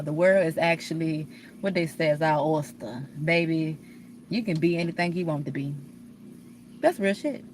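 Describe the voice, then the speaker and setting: Profane, preachy woman vlogger with a low voice. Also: slight background noise. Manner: blunt, profane, preachy, rambling with restarts. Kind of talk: candid confessional monologue.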